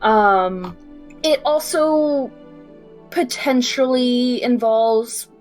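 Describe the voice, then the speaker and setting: A woman's voice: on the high side, very slow, darkish tone, faint music behind. A woman playing a tabletop game, chatting playfully. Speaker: player. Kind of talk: tabletop role-play chat.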